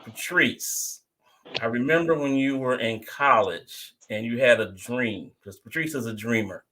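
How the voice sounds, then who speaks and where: A man's voice: medium pitch, unhurried. A man hosting a casual talk show, prompting his grown children to tell their stories, often repeating and restarting his words. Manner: lively, repeats himself, draws stories out of guests. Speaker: host.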